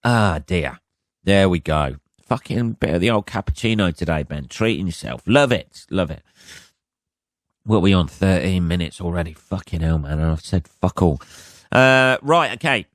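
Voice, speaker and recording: Hoarse male podcast host with a lowish, rambling, profane delivery, recorded dry and close. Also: lively intonation, normal speed, no room sound. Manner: rambling, swears constantly, jokey asides. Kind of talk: casual solo podcast monologue.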